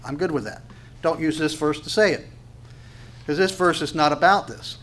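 A man's voice: a little high, normal speed, a bit bright, slight background noise. A man preaching a sermon, reading scripture, asking questions and answering them himself, and repeating phrases for emphasis. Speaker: pastor.

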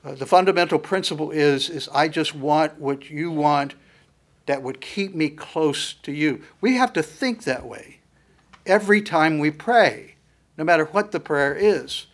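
A man's voice: a little high, a little slow. A man preaching a sermon in an earnest, emphatic teaching manner, with frequent fillers and restarts.

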